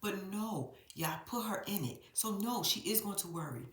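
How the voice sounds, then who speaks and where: A woman giving a blunt, profane, animated recap of a reality show, talking straight to her viewers in a casual vlog. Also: medium pitch, moderate pace, roomy sound. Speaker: reality TV commentator.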